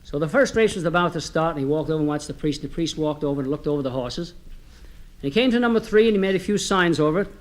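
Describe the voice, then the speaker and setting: A man with a fairly high voice spins homespun jokes for a comedy record. His telling is chatty and easygoing, and he turns often to his listeners as he goes. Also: animated, quick pace. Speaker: comedy storyteller.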